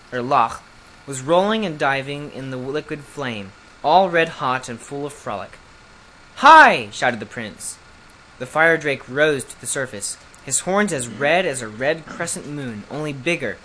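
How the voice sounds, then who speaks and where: An audiobook reader narrating a fairy tale in a lively, expressive way. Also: medium pitch, slight background noise, rough recording. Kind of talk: storybook narration.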